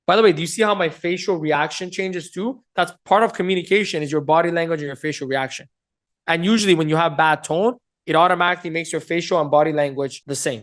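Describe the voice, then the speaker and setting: A man's voice: a little high, quick pace, fairly bright tone. A man teaching sales communication, directly addressing viewers and acting out example questions to show tone. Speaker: sales trainer. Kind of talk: teaching to camera.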